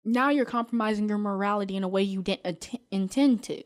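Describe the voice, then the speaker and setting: A woman's voice: mid-range voice, a little fast. A young woman co-hosting a student radio show in casual chat, giggly and full of fillers and restarts. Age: young adult.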